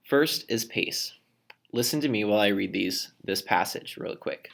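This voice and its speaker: A man's voice: mid-range voice, animated, moderate pace, creaky, a bit bright. A man teacher explaining how to read poetry aloud in a recorded lesson, demonstrating points with his own voice.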